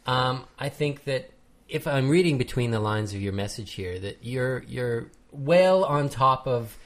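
A man's voice: mid-range voice, expressive, unhurried. A man in a middle register co-hosts a casual podcast. He reads out listener emails and adds dry, wry remarks along the way. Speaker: podcast co-host.

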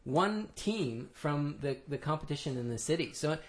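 A man co-hosting a casual chat, explaining plainly in a relaxed way. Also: fairly high pitch, moderate pace. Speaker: podcast co-host.

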